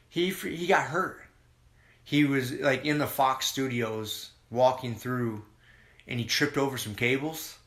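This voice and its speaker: A man co-hosting a podcast, chatting casually and rambling excitedly with lots of swearing. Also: medium pitch, roomy sound. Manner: rambling, profane, excited about fights. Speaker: podcast co-host. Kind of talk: casual chat.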